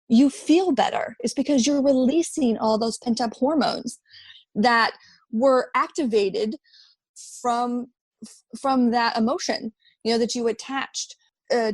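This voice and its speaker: A woman's voice: fairly high pitch, dry recording. A woman in her thirties, a podcast guest, talking earnestly in a conversational interview and often repeating words as she thinks. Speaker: podcast guest, app founder.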